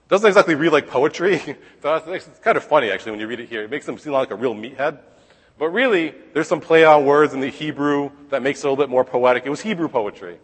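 A man leads a relaxed Bible lesson, moving between reading scripture aloud and retelling it in his own casual words. He keeps checking in with his listeners and drops in wry comments along the way. His mid-pitched voice carries a long, trailing reverb, as if he were speaking in a large hall. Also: a little fast, husky. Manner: conversational, checks in with listeners with frequent "okay?". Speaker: Bible teacher.

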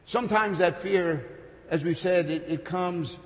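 A man preaching a sermon with passion, building to loud peaks and then dropping to soft, intimate storytelling. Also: sits high, a little slow. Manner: impassioned, builds to shouts, then drops soft. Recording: long hall reverb.

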